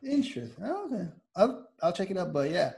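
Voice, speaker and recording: A man's voice: high-pitched, big pitch swings, brisk, vocal fry, a little mellow, breathy edge. A man hosting a podcast in laid-back casual chat, filling his talk with "like" and "you know" and laughing often. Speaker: podcast host.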